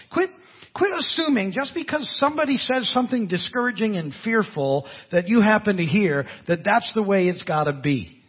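A man preaching a sermon as a pastor, in an animated, conversational way with asides and laughter. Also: sits high, husky, muffled recording.

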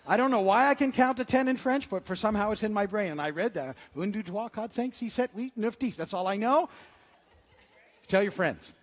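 Speaking briskly in a high, animated voice, a man delivers a sermon as pastor. Jokes and casual talk fill the gaps between scripture readings. The sanctuary adds a long, echoing church-hall reverb.

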